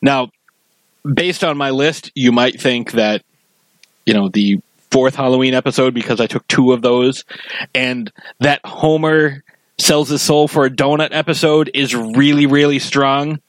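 A man's voice: medium pitch, measured pace, dry recording, low-quality recording. Male podcast co-host, casual and chatty, medium voice, dry close mic. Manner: chatty, quotes scenes in put-on voices. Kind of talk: casual chat about a cartoon.

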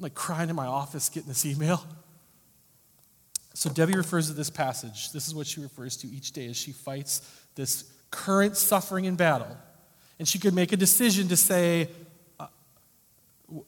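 A man preaching a sermon as pastor, earnest and emphatic, often rising and falling sharply in loudness. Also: a little high, normal speed. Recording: long hall reverb.

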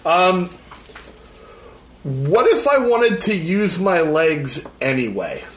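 A man's voice: high voice, sing-song, slow pace, fairly bright tone. A man playing a tabletop game, joking and swearing in casual chat. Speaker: player. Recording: echoey room, faint noise.

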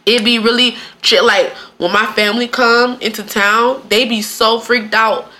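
A woman's voice: fairly high pitch, measured pace. A woman from Michigan co-hosting a podcast in casual chat, laughing often and acting out greetings. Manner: animated, laughing, acts out greetings in quoted voices. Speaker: podcast co-host.

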